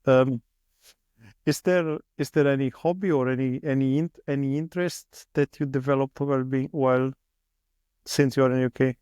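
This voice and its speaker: Halting male interviewer. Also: medium pitch, steady tone, darkish tone, smooth, no room sound, clean studio sound. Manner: halting, restarts often, non-native phrasing. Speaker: host. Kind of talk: casual interview chat.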